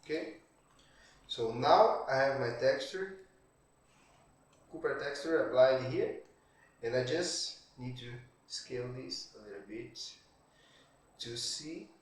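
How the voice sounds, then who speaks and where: A man, a non-native speaker whose first language is Portuguese, walking through a software tutorial while thinking aloud and checking in with tag questions. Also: mid-range voice, lively intonation, takes it slowly, long pauses. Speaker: 3D art tutorial creator. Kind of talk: screen-recorded software tutorial. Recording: very echoey room, distant mic.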